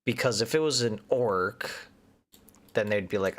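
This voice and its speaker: A man's voice: on the low side, moderate pace, a bit bright. A man giving casual commentary as he plays a game, chatting and thinking aloud, sometimes muttering nervously under his breath. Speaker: gaming streamer.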